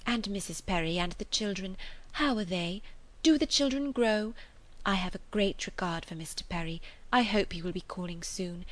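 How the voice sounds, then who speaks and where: A woman's voice: mid-range voice, moderate pace, a bit bright, close to an everyday voice. A woman reading the part of an attentive young mother speaking earnestly and eagerly to her father.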